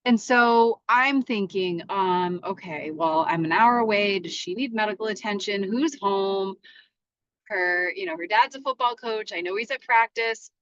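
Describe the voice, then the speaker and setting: A woman in her forties hosting a podcast from her parked car, talking in a rambling, halting way with many restarts. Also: mid-range voice, a bit bright, no echo, highs cut off. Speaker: podcast host. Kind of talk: casual solo podcast monologue.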